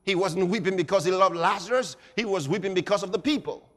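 A man preaching a sermon dramatically, swinging from shouts to quiet and acting out scenes. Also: high-pitched, fast talker. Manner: dramatic, shouting at peaks then dropping quiet, acts out scenes. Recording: echoey hall.

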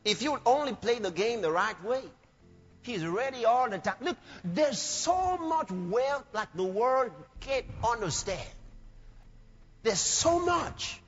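A man preaching a sermon with passion, often shouting lines out and acting out other people's voices. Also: very high-pitched, big pitch swings, takes it slowly, breathy edge, faint music behind. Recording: lo-fi recording with long hall reverb.

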